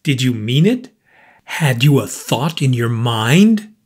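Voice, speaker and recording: A man's voice: mid-range voice, sing-song, slow pace, slightly rough, full character voice. A man reading a storybook voices a troubled, brooding man who talks in a gloomy, pressing way. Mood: urgent. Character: tense, brooding man, restless and intense.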